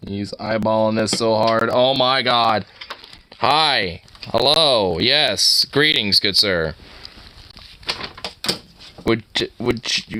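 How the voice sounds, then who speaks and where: A man's voice: lowish voice, slow pace, pauses often, pushed and bright, slight background noise, rough recording. A young man streaming, chatting casually, cursing a lot and laughing as he scolds and teases his dog. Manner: rambling, swears a lot, laughs often. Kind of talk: casual chat.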